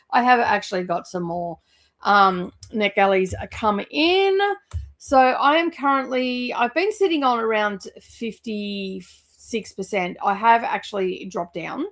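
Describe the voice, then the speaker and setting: A woman's voice: fairly high pitch, measured pace. A woman chatting casually about books as a vlogger, rambling with lots of fillers. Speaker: book vlogger. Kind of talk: casual chat.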